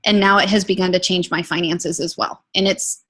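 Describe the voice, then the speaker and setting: A woman giving an emotional, earnest personal testimony, talking in a lively storytelling way. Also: fairly low pitch, a little fast. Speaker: product testimonial speaker.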